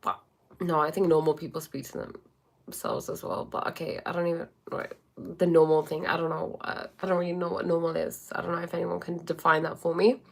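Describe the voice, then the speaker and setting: A woman's voice: lowish voice, level tone, brisk, vocal fry. A woman life coach chatting casually on a livestream, rambling with many fillers and answering viewer comments.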